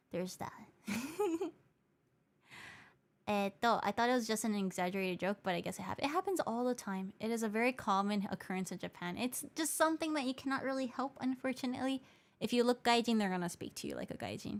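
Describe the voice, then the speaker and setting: On her casual stream, a woman VTuber from Hawaii reads and replies to viewer comments, hopping between Japanese and English in the middle of sentences and patiently repeating herself. She sounds a little high and a little fast, with a sing-song quality.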